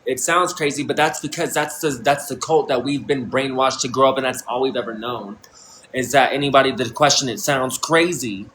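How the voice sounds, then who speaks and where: A man's voice: medium pitch, normal speed, fairly bright tone, slight background noise, low-quality recording. A man in his thirties livestreaming a rambling, intense monologue, swearing often and restarting his sentences. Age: 30s. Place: indoor room.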